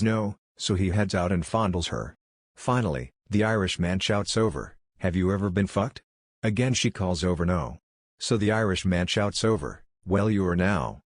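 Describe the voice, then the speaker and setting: A man reads one joke after another in a flat, deadpan manner. His voice sits very low. The recording is close and dry, with no room sound. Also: no room sound. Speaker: joke narrator. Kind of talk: reading jokes aloud.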